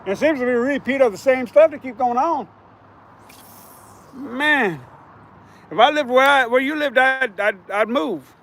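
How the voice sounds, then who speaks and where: A man hosting a fishing livestream outdoors on a riverbank, chatting casually in a hoarse, scratchy voice and rambling as he repeats himself. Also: very high voice, normal speed, long pauses, a bit bright. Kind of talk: casual live-stream chat.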